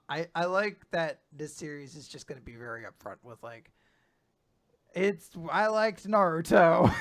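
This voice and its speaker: A man's voice: high-pitched, pushed and bright. A man on a podcast casually recapping manga chapters, retelling scenes and quoting lines, often laughing. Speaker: podcast host.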